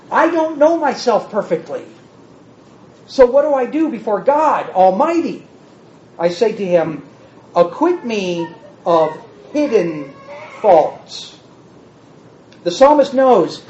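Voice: mid-range voice, a little mellow, a little hiss or hum. A preacher teaching a sermon in an echoing hall, recorded with a dull, muffled sound. The delivery is teacherly and plays with word meanings, pressing the listeners with one rhetorical question after another.

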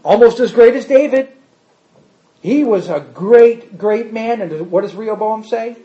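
A man preaching a sermon and reading scripture, shifting between loud emphasis and quiet asides. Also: high voice, expressive, unhurried. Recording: echoey hall, slightly dull sound.

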